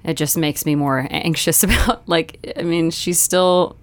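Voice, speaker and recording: A woman in casual conversation, telling a story about her child with lively, self-critical storytelling. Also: low-pitched, measured pace, no echo. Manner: animated storytelling, acts out voices. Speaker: parent sharing a story. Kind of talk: casual chat.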